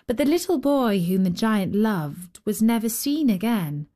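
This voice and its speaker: A woman reads a fairy tale aloud as host, unhurried and gentle. Her pitch moves a great deal, lifting and falling with the story. Her voice sits in an ordinary middle register. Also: big pitch swings. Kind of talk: storybook narration.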